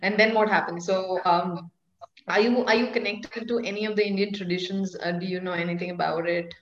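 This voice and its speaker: An interviewer asking gentle, probing questions. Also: medium pitch, steady tone, fairly quick. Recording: dull, roomy, off-mic.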